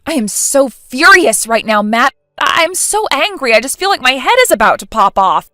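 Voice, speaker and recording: A woman's voice: high-pitched, sing-song, moderate pace, pushed and bright, dry recording, studio quality, exaggerated voice. A woman playing an indignant young bride. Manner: indignant, exasperated. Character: humiliated young bride, furious and hurt.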